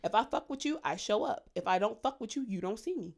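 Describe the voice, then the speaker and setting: A woman's voice: mid-range voice, fast, creaky. A woman co-hosting a podcast in casual chat, talking bluntly and full of cussing, acting out quotes as she tells stories. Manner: blunt, profane, animated storytelling with voiced quotes. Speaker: podcast co-host.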